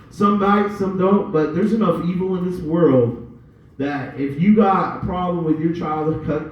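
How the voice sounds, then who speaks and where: A man's voice: on the high side, a little hiss or hum. A man doing a loose, rambling stand-up set, telling stories with plenty of cursing. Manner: rambling, profane, loose storytelling. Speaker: stand-up comedian. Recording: echoey room from far off, dull.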